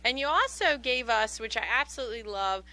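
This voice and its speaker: A woman's voice: fairly high pitch, expressive, fairly quick, pushed and bright, poor audio. A woman hosting a radio show, interviewing her guest in an effusive, gushing manner.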